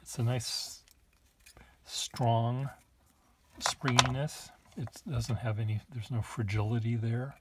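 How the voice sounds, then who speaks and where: A man's voice: medium pitch, flat delivery, takes it slowly, very noisy. A man showing pens to the camera in a casual, musing way, thinking aloud with small asides while he writes at a desk. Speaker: pen collector demonstrating nibs. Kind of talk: casual show-and-tell to camera.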